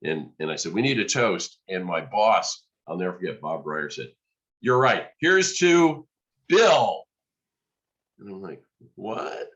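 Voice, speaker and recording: A man, a podcast guest, telling a lively story and acting out the dialogue. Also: sits low, moderate pace, hardly any pauses, dull audio. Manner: animated storyteller, acts out quoted dialogue. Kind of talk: storytelling in conversation.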